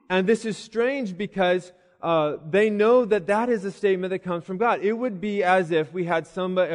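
Male pastor, high voice, storytelling sermon with acted asides, long hall reverb. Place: church building.

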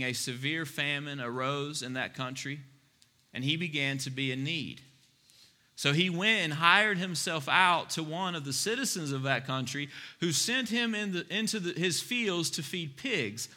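A man's voice: fairly high pitch, normal speed, sharp tone. A man preaching a sermon to his church, earnest and building to emphatic appeals. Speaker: pastor.

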